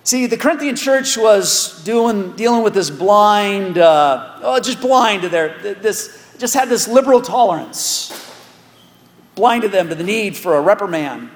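A man preaching a sermon as pastor, animated, with joking asides and repeated words. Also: sits high, measured pace. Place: large church hall. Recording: echoey hall with long reverb.

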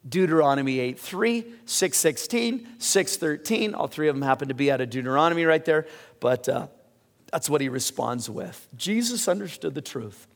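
Excited preaching man, voice going hoarse. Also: on the high side, normal speed, long reverb tail. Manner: preaching with sudden excited rises and quiet drops. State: losing his voice. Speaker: pastor. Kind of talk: sermon.

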